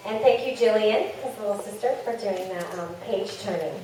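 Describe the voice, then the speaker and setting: A woman on the school staff acting as emcee, making ceremony announcements in a halting way with many ums. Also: medium pitch. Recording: echoey hall from far off, noisy.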